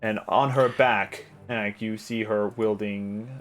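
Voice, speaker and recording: A man narrating a tabletop game as game master, halting, with many fillers and restarts. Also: on the low side, fairly even intonation, a bit bright.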